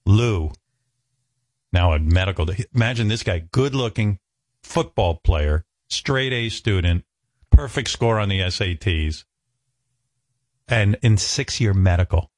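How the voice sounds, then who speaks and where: A man's voice: fairly low pitch, lively intonation, measured pace, pauses often, dry recording, studio quality. A man telling stories from his own life in a casual, self-mocking way, acting out other people's lines. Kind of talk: casual storytelling chat.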